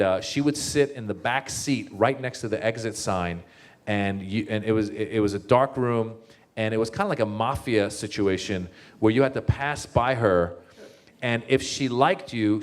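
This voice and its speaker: Telling stories as a guest in a casual conversation, this comedian restarts often and leans on fillers. His pitch leaps suddenly whenever he voices his own thoughts.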